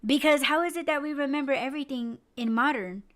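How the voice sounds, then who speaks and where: A woman's voice: high-pitched, fast, a bit bright. A woman podcast host in casual chat, rambling with lots of fillers and swearing freely. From United States.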